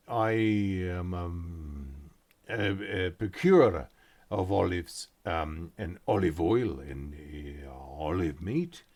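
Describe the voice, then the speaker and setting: A man's voice: sits low, full character voice. A man voicing a huge, welcoming olive merchant who talks in broken, repetitive sales patter.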